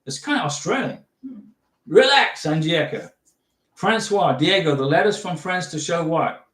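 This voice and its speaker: A man's voice: on the high side, expressive, normal speed, a bit bright. A middle-aged man hosting a livestream, casually giving visa advice and reading out viewer questions in a chatty, reassuring way. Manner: chatty, repeats and restarts, reassuring. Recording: echoey room.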